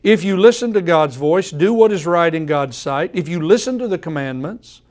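A man preaching to his congregation at a measured, deliberate pace. His voice sits a little above the usual male pitch. He comes back to the same phrases again and again to hammer a point home. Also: lively intonation, darkish tone. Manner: repeats phrases for emphasis. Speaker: pastor. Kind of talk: sermon.

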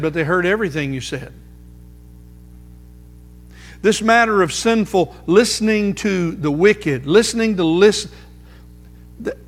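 A man preaching a sermon, emphatic, slowing down to repeat key phrases for weight. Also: sits high. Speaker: pastor. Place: church sanctuary. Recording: music under voice, long hall reverb.

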